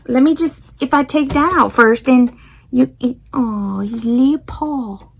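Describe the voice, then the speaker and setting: A woman's voice: high voice, measured pace, gravelly, a little hiss or hum. A woman chatting casually while unboxing, giggling often and talking to her cat. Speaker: unboxing vlogger.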